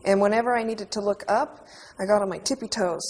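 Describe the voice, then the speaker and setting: A woman in her twenties recalling a childhood memory in an interview, in a halting, vivid way. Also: medium pitch, darkish tone, a little hiss or hum, poor audio. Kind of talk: emotional personal recollection. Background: music underscore.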